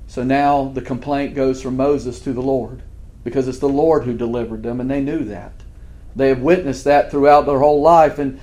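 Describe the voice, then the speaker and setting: A man's voice: medium pitch, steady tone, normal speed, mellow. A man preaching a sermon as pastor, earnest and fervent, often restarting his words.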